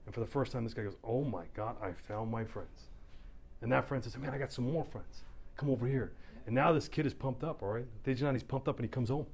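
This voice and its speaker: A man's voice: medium pitch, fairly quick, vocal fry, a little hiss or hum. A middle-aged man from Canada, a police officer, telling stories animatedly to a town hall audience. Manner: animated storytelling, acting out voices. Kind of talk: community town hall talk. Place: community hall.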